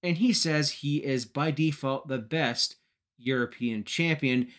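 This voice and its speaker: A man's voice: medium pitch, measured pace, a bit bright. A man from Canada giving a joking, casual wrestling recap as a podcast host. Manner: joking, chatty.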